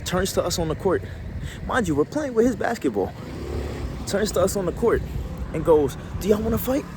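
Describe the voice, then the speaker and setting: A man's voice: high-pitched, big pitch swings, normal speed, noisy background. A man telling a casual story to camera, slangy and rambling, often restarting his sentences. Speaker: vlogger.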